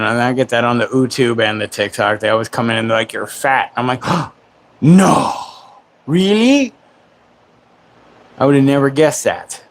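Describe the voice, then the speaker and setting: A man's voice: lowish voice, gravelly, a bit bright. A man in his forties hosting a casual livestream chat from home, joking and sarcastic, laughing often. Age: 40s. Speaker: livestream host. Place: home, in Florida.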